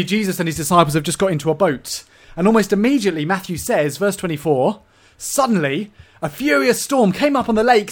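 A man from England preaching a sermon, swinging between loud emphasis and hushed asides. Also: high voice.

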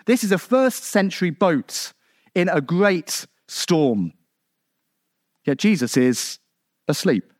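A man from England preaching a sermon in a conversational way, with rhetorical questions and asides, building to emphatic peaks and then dropping low. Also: sing-song, takes it slowly, pauses often, no echo, studio quality.

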